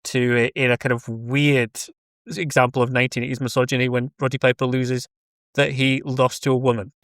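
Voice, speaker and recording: A man's voice: mid-range voice, level tone, brisk, a bit bright, no echo, clean studio sound. A Scottish man joking wryly as a podcast guest in casual chat. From Scotland. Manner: wry, joking.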